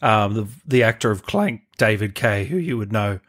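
A man's voice: on the low side, lively intonation, normal speed, a bit bright. A man hosting an interview, an eager fan who coaxes his guest. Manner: enthusiastic fan, coaxing. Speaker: podcast host. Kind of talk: casual interview.

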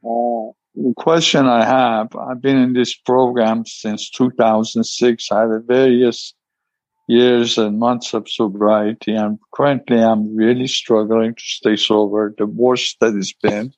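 A man at a recovery meeting, speaking hesitantly with many pauses and fillers as he asks for advice. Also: medium pitch, little pitch movement, darkish tone, dry recording, highs cut off. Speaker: meeting member asking a question.

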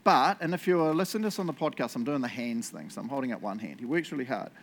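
Chatty New pastor, self-deprecating. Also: male voice, medium pitch, expressive, fast talker, creaky. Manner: chatty, self-deprecating, tags lines with "eh?" and "right?". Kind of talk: casual conversational sermon and prayer. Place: church.

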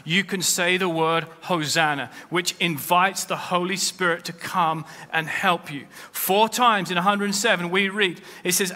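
A man's voice: high-pitched, bright, forceful tone. A man preaching a sermon as pastor, with rising emphasis as he quotes scripture. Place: church. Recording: long hall reverb.

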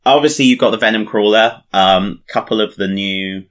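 A tired man chatting casually about a tabletop wargame, relaxed and laughing easily. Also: fairly low pitch, normal speed. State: tired, yawning.

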